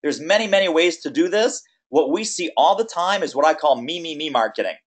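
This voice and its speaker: A man coaching speakers on a webinar, energetic and emphatic, stacking lists and repeating phrases. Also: on the high side, brisk. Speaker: business coach. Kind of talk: webinar teaching.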